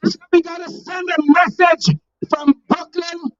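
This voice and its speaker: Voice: extremely high pitch, little pitch movement, unhurried, fairly bright tone. A rally speaker giving a fiery political speech outdoors and leading the crowd in call-and-response chants. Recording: muffled lo-fi rally recording.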